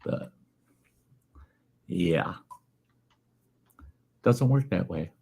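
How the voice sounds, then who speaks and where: Lower-voiced man rambling through jokes. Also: animated, very slow, gravelly, a little mellow, slightly rough. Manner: rambling storyteller, chuckling. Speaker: host. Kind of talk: casual joke-telling on a livestream.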